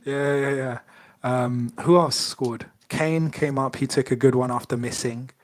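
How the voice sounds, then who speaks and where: Male podcast co-host, casual and playful, reads quiz questions in a middle-pitched voice. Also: fairly even intonation, a little slow. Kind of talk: casual chat.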